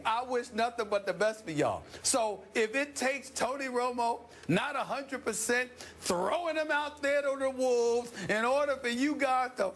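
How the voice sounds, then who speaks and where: A sports debater with a very high-pitched male voice that climbs even higher when he gets going. He is loud and theatrical, drips with sarcasm and breaks into shouts for emphasis. A faint hum sits behind him.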